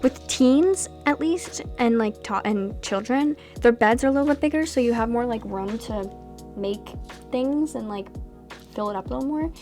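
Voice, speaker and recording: Chatty young woman over soft music. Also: a little high, moderate pace. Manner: chatty, rambling, animated asides. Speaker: Sims gameplay creator. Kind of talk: casual voice-over chat over gameplay.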